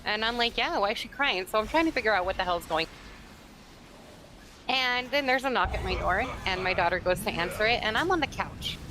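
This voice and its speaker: A woman's voice: medium pitch, fairly quick, noisy background. A woman streaming a game with friends, chatting casually and telling stories bluntly, swearing freely. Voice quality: blunt, animated storyteller who swears freely. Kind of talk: casual chat and storytelling.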